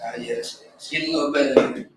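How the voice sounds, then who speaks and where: A man's voice: on the high side, a little fast. A man leading a small worship service, chatting loosely with many restarts before leading prayers line by line. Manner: relaxed slangy talk with many restarts. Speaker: service leader. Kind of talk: casual chat then call-and-response prayer. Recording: echoey room with faint background noise.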